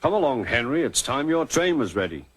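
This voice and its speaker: A man's voice: medium pitch, sing-song, dry recording, pitched above the performer's own voice. A man voicing a fussy, commanding railway director in a storybook reading. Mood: brisk. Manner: brisk, commanding.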